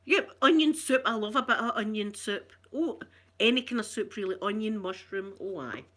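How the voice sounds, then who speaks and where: Woman, Scottish accent, middle-aged, bright clear tone, chatty live-stream host, laughs a lot. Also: mid-range voice, animated, normal speed. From Scotland. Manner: chatty, reads out viewer comments, laughs often. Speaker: ASMR channel host. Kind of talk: casual live-stream chat.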